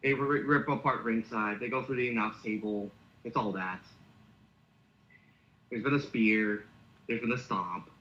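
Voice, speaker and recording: A man's voice: on the low side, fairly even intonation, a little slow, long pauses, bright, forceful tone, lo-fi sound, a little hiss or hum. A man co-hosting a podcast, casually narrating a fantasy wrestling storyline. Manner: acts out wrestlers' lines in quoted voices.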